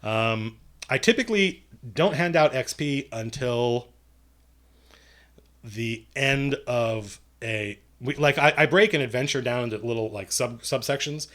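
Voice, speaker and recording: A man's voice: medium pitch, a little slow, a bit bright. Man in casual livestream Q&A mode, talks loosely with lots of restarts and dry asides. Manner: rambling, self-correcting, dry jokes. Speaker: game master and writer answering viewer questions.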